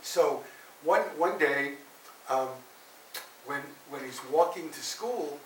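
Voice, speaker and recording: Male minister preaching in an echoey hall, mic set back, faint hiss, storyteller who swings from loud to soft. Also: on the high side, takes it slowly. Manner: animated storyteller, rising loud for drama and dropping soft for quiet lines. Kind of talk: sermon storytelling. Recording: roomy echo, heard from a distance, faint hiss.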